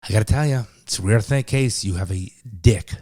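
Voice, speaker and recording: A deadpan doctor from a dirty joke delivers grim news in a flat, level voice, as a man puts him on. He pitches it a bit lower than normal talk. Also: fairly quick, lightly acted. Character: matter-of-fact male doctor in a joke.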